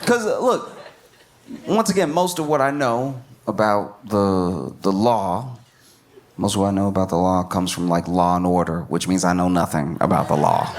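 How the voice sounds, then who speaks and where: A man performing a stand-up comedy set, animated and laughing through his lines as he slips into quoted voices. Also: deep voice, normal speed, a little hiss or hum.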